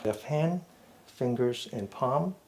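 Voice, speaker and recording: A middle-aged man leading a seated mindful fitness class, giving slow, patient step-by-step cues. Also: medium pitch, expressive, darkish tone, a little hiss or hum. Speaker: fitness and meditation instructor. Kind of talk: guided seated exercise class.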